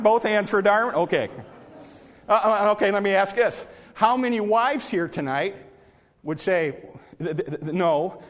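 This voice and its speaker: A man's voice: high voice, a bit bright, big-room sound. A man preaching a sermon in church, telling folksy stories and repeating words when he presses a point.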